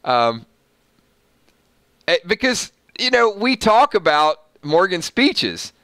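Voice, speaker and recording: A man's voice: sits high, expressive, measured pace, bright, forceful tone, no echo. A man hosting a casual TV recap, reading from an article with sarcastic asides and frequent laughter. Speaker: show recap host.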